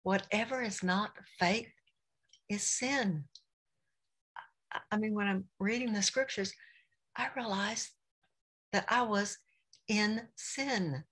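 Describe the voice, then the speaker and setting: A woman's voice: mid-range voice, takes it slowly, long pauses, a bit bright, husky. A middle-aged woman giving an earnest, confessional devotional talk about faith, speaking her prayers aloud.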